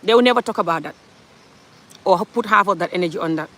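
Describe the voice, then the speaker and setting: This commentary vlogger from Gambia has a lowish, slightly bright voice and talks quickly. She delivers a heated, opinionated monologue on social issues, full of rhetorical questions.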